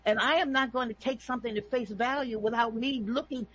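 A woman's voice: on the high side, a little fast, husky, rough recording. A woman calling in, talking emphatically and preachily about her views and often asking "okay?". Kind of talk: impassioned opinion talk.

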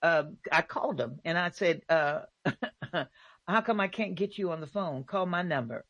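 A woman's voice: lowish voice, expressive, moderate pace, a bit bright, no room sound, dull audio. A woman hosting a casual faith talk show, speaking emphatically and repeating her points.

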